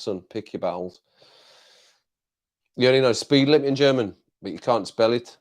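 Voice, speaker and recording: A man hosting a casual live chat, playful and chuckling often as he tries out phrases. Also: medium pitch. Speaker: livestream host.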